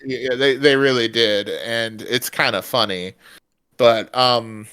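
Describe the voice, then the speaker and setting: A man's voice: mid-range voice, fairly even intonation, sharp tone, clean tone. A man co-hosting a podcast in casual chat, rambling with plenty of fillers and restarts. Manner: rambling, many fillers, does quick mock voices. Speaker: podcast co-host.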